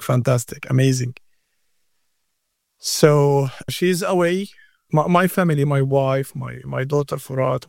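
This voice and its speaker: Slow, gravelly man. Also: mid-range voice, darkish tone, dry recording, clean studio sound. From Gaza. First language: Arabic. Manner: halting, repeats words, earnest. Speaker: interview guest. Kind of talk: emotional interview answer.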